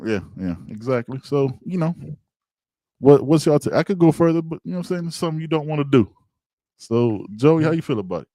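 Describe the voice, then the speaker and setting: A man hosting a casual sports podcast over a video call, animated and playful, trash-talking as he reacts. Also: on the high side, brisk, no echo. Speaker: podcast host.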